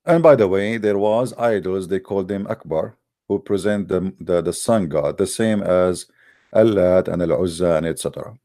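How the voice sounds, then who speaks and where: A man's voice: deep voice, moderate pace, dark tone. A man giving a polemical online talk, emphatic and full of rhetorical questions, addressing listeners as guys, with non-native grammar and frequent restarts. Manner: addresses the audience directly as guys. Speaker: religious debate speaker.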